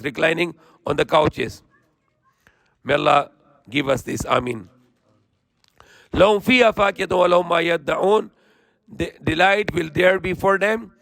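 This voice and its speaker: Reciting Quran verses quickly and fluently, this man preaches, then earnestly translates and explains them one by one. His fairly high voice is creaky and a bit bright, recorded without echo.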